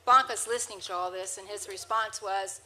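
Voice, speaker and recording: A woman's voice: medium pitch, a little fast, sharp tone, a little hiss or hum, rough recording. A woman telling rambling anecdotes to a live audience, holding a microphone, with frequent restarts. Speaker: storyteller on stage. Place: presentation hall with an audience. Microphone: handheld microphone.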